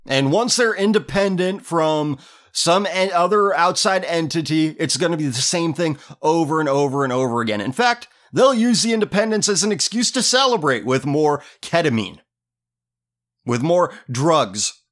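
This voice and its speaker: A man's voice: fairly high pitch, lively intonation, moderate pace, a bit bright. Sneering, profane male ranting host. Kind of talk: ranting commentary on a listener letter.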